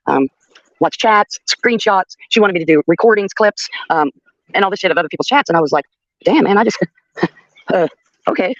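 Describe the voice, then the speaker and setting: With a voice that sits low, recorded with no echo and the highs cut off, an older woman livestream host tells a story casually. She's blunt and profane, laughing between her sentences.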